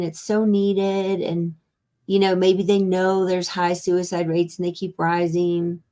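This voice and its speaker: A woman's voice: on the low side, dark tone. A woman hosting an interview, a foundation founder, speaking earnestly and reflectively about her mission over a video call.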